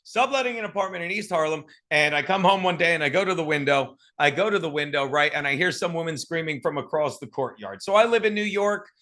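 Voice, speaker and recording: A man with a high, bright voice tells a loose comic story over a video call. He rambles, jokes and restarts often, in a casual storytelling style. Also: animated, fast, hardly any pauses. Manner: rambling, joking, many fillers and restarts. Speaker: guest storyteller.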